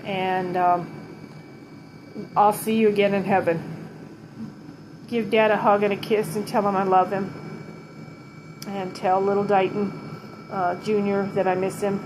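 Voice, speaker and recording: A middle-aged woman giving a tribute to her late mother at home, halting and holding back tears, with many pauses and restarts. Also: mid-range voice, little pitch movement, noisy background. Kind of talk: emotional personal vlog.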